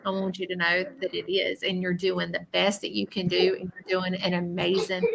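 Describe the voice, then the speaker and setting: A woman spiritual medium with a Southern US accent gives a live psychic reading, reassuring and repetitive, frequently checking in with "okay?" Her lowish voice has vocal fry and a completely flat delivery at a moderate pace, and the recording is very noisy.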